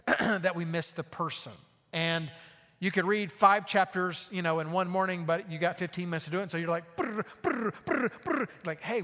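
A male pastor preaching a sermon conversationally, often asking "okay?" and slowing down to read scripture phrase by phrase. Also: fairly high pitch, fairly bright tone, big-room sound. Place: church sanctuary.

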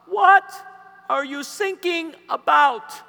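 A man's voice: extremely high pitch, creaky, pushed and bright, voice pushed up, exaggerated voice. A man voicing a bumbling male German coast guard radio operator who mishears words, in a put-on German accent. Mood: baffled. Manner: slow, puzzled, mishears words. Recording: echoey hall.

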